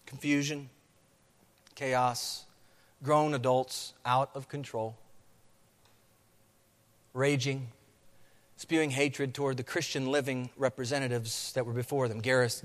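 A man's voice: medium pitch, fairly even intonation, a little slow, long pauses, fairly bright tone. A man preaching a sermon on a scripture passage, acting out crowd chants. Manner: dramatic, acts out crowd chants. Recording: long hall reverb.

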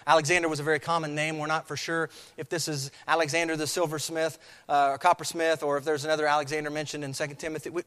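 A man's voice: fairly high pitch, a bit bright, clear, resonant tone. A man preaching a sermon on a scripture passage, acting out crowd chants. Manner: dramatic, acts out crowd chants. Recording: long hall reverb.

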